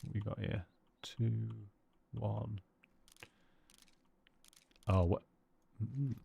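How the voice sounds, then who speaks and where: A man's voice: lowish voice, fairly even intonation, drawn-out words, gravelly, mellow, slightly rough. A British man live-streaming a hunting game, chatting casually with his viewers and greeting them by name.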